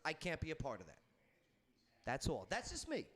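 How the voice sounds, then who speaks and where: A man's voice: a little high, huge pitch swings, normal speed, a bit bright, breathy edge. A man hosting a political panel discussion, talking emphatically and repeating his points. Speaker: talk show host.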